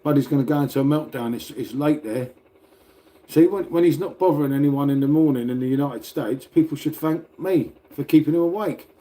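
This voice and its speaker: Sitting by a radiator at home, a British middle-aged livestreamer goes through chat and talks casually to his viewers, rambling, laughing, and swearing throughout. He speaks briskly in a fairly high, warm voice.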